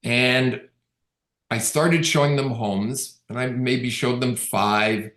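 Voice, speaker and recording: A man's voice: medium pitch, slow pace, fairly bright tone. A middle-aged man from Canada giving a conversational webinar talk as a real estate agent, telling stories and acting out quoted dialogue. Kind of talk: casual storytelling talk. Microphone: video call. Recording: roomy echo on the voice.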